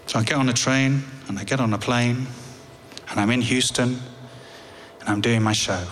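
An English man telling a personal story on stage, with a wry, halting delivery that repeats words. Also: medium pitch, steady tone, a bit bright, big-room sound, slight background noise. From England.

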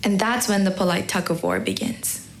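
A teenage girl telling a personal story on stage in a slow, reflective, heartfelt way. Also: medium pitch, sing-song, slight background noise. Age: teens. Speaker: student storyteller.

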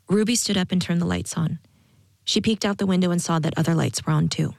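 Low, gravelly woman narrating calmly. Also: a little fast, no echo, studio quality. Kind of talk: audiobook narration.

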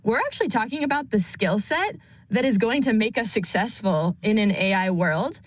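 Woman, radio guest, slow and measured, mid pitch, dry recording. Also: animated, no room sound. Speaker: nonprofit CEO, guest. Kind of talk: radio interview.

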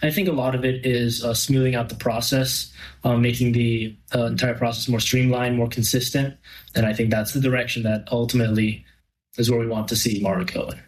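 A young man as a radio interview guest, speaking in a measured way with small hesitations. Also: mid-range voice, little pitch movement, rough recording. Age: young adult.

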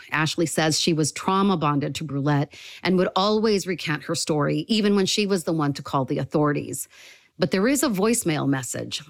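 A woman reporter narrating a news report with a measured, even delivery. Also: sits low, creaky, no echo.

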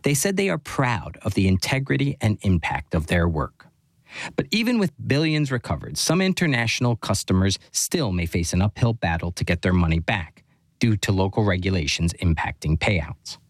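A male reporter reading a scripted news narration in a measured way. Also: deep voice, very animated, dry recording.

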